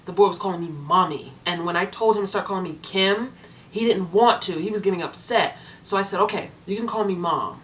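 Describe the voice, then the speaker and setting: A young woman talking casually to her viewers as a foster parent vlogger, chatty and animated, acting out the people in her stories. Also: fairly low pitch, a little fast. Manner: chatty, animated storytelling with voiced quotes. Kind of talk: casual vlog chat to viewers.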